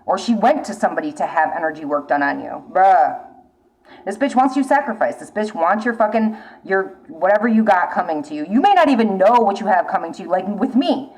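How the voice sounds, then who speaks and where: A female tarot reader gives a viewer a casual spoken reading, blunt and urgent, swearing often and repeating her warnings. Her mid-range, darkish voice has lively intonation and moves a little fast, on a rough recording.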